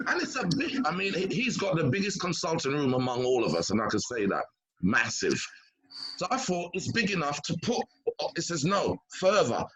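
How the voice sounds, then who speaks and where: A man's voice: on the high side, big pitch swings, fairly quick, a bit bright, poor audio. A man speaking as a doctor on a health panel, talking with emphasis, often repeating words as he starts sentences and acting out the people he quotes. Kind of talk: animated panel talk.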